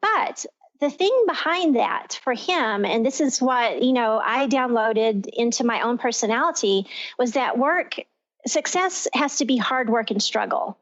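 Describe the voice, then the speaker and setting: A woman's voice: a little high, animated, unhurried. A woman from Texas hosting a talk radio show, explaining in long flowing sentences. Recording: lo-fi radio sound.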